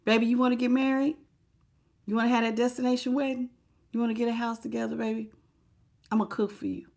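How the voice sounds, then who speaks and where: A woman mimicking a smooth-talking, two-faced romantic partner in a coaxing, sweet-talking way. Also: on the high side, fairly even intonation, quick pace, a bit bright, close to an everyday voice.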